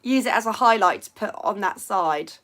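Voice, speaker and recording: A woman's voice: mid-range voice, expressive, moderate pace, a bit bright. A woman hosting a casual live stream from home by a window, chatting to viewers in a rambling way and reading out their comments.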